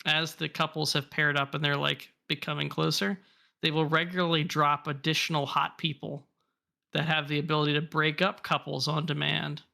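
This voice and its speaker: A man's voice: fairly high pitch, little pitch movement, moderate pace, vocal fry, pushed and bright. A man in enthusiastic, profane casual chat. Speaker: podcast co-host.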